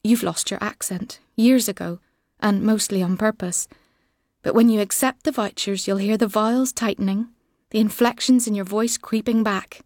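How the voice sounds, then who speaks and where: A woman narrating an audiobook in a measured, wry way. Her voice sits mid-range, and the booth sound is dry and close. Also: medium pitch, steady tone, darkish tone, no echo. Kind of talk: literary second-person narration.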